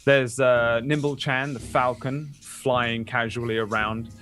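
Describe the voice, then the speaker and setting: A man's voice: mid-range voice, fairly even intonation, a little slow, a bit bright. A man narrating as game master of a tabletop game, casual and full of fillers.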